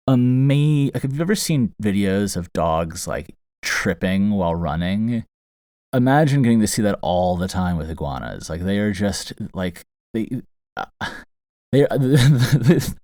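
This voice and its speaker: A man's voice: fairly low pitch, darkish tone, dry recording. A man hosting a podcast, telling a funny story casually with fillers and restarts, recorded close in a small foam-lined box. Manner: rambling, amused, many fillers and restarts. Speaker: podcast host. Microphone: close studio mic inside the box. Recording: very dry, close booth sound.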